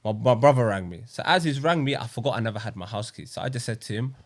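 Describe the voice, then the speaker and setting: Quick-talking young man, mid voice. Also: mid-range voice, expressive. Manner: earnest, slang-filled, says wallahi often. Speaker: podcast co-host. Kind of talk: casual chat, personal story.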